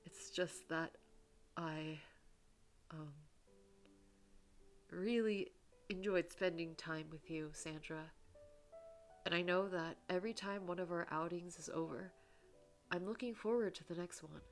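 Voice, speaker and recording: A woman reading the lines of a shy, gentle divorced man in a story game, speaking hesitantly with pauses and restarts. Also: fairly low pitch, soft background music. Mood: tender. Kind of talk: reading game dialogue aloud.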